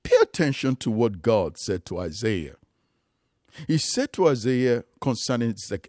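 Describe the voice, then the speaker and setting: A man's voice: lowish voice, very animated, a little slow, darkish tone, no room sound, clean studio sound. A man preaching a sermon, emphatic and rising and falling for emphasis, calling his listeners loved ones.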